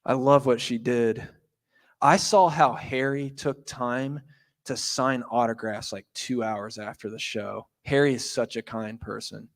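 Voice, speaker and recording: A man's voice: medium pitch, fairly even intonation, a little slow, pitched below the performer's own voice, close to an everyday voice. A man preacher acting out a starstruck fan who gossips offhandedly about celebrities. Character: gushing starstruck fan, adult.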